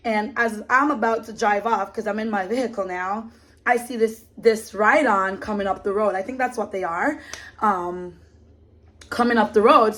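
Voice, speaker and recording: A woman's voice: a little high, fairly bright tone. A woman telling a story in a casual vlog, in an indignant, emphatic way. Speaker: vlogger.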